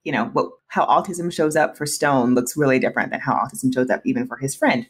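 A woman's voice: extremely low pitch, fast talker, husky. A woman in her thirties talking candidly as a podcast guest, emotional at times, with frequent restarts and laughs. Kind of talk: casual interview conversation.

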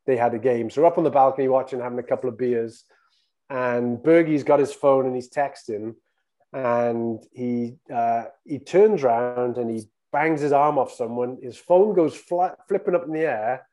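Mellow-voiced man telling a quick anecdote. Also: mid-range voice. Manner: quick, chatty retelling. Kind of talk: casual storytelling.

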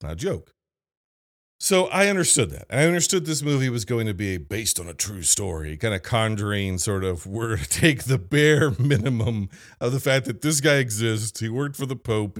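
A man's voice: on the low side, moderate pace. A man hosting a solo movie review, thinking aloud into a microphone with restarts and asides. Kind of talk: solo off-the-cuff film review. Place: video store. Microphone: studio microphone.

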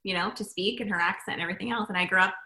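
A woman's voice: medium pitch, racing, bright, forceful tone, roomy sound, poor audio. A woman from Washington DC in casual group chat, playful and jokey. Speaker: panel guest.

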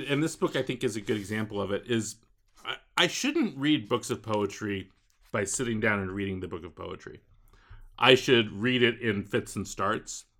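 A man co-hosting a casual book discussion podcast, talking haltingly with frequent "um" and restarts. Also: mid-range voice, sharp tone. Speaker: podcast co-host.

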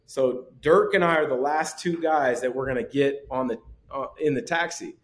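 A former pro basketball player in his forties, appearing as a podcast guest, tells lively anecdotes and chuckles often. His casual storytelling comes in a mid-range voice at a moderate pace.

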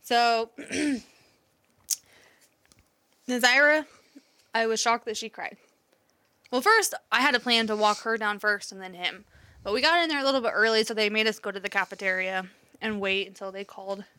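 A woman in her thirties tells a family story in a casual, unfiltered way, with the odd swear word. Her voice sits a little high and sounds bright and sharp. She talks like someone catching up with a close friend. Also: moderate pace, long pauses, smooth. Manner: candid storytelling with swearing and laughter. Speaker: mother telling a story. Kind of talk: casual chat.

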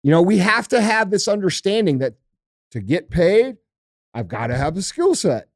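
A man's voice: sits high, big pitch swings, normal speed, no room sound, clean studio sound. A middle-aged man on a podcast, talking in a blunt, emphatic, profanity-heavy rant. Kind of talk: casual podcast chat.

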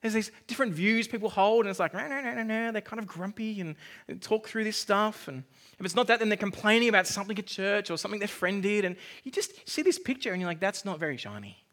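A man's voice: high voice, fast talker, fairly bright tone. A male pastor preaching a sermon in a conversational, self-deprecating way.

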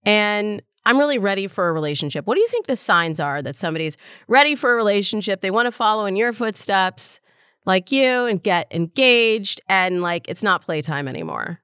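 Smooth-voiced woman hosting a chat. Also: mid-range voice, expressive, fairly quick, fairly bright tone, no echo, studio quality. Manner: chatty, frequent "like" fillers, laughs easily. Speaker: podcast host. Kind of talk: casual conversation.

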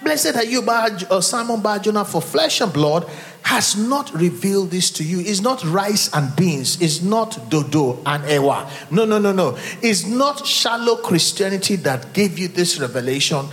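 Animated Nigerian pastor preaching in a reverberant hall. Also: male voice, high voice, moderate pace. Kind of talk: sermon. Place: church hall.

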